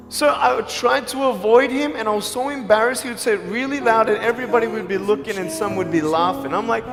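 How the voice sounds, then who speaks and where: A man's voice: sits high, moderate pace, creaky, long reverb tail, soft background music. A man giving an emotional motivational speech to students, telling stories and acting out dialogue. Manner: emotional, pleading, animated storytelling with acted-out dialogue. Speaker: motivational speaker. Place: school hall or auditorium.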